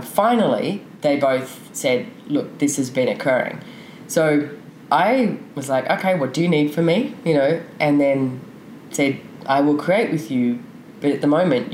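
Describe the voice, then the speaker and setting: Low-voiced woman speaking frankly in an echoey room. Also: animated, normal speed, darkish tone. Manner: open, frank, rambling with many fillers. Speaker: podcast guest. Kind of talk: candid conversational interview. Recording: echoey room with faint noise.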